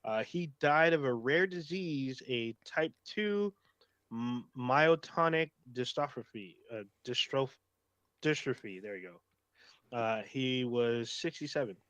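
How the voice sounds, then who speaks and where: A man's voice: mid-range voice, lively intonation, slow pace, fairly bright tone, clear, resonant tone, no echo. A man co-hosting a casual podcast, reading out facts with fillers and laughing easily. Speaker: podcast co-host.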